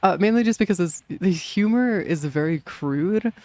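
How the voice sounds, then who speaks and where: A man's voice: high-pitched, animated, moderate pace, a little mellow, no echo. Rambling young man streaming a game. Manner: rambling, laughing, swears often, many fillers. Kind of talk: casual gaming stream chat.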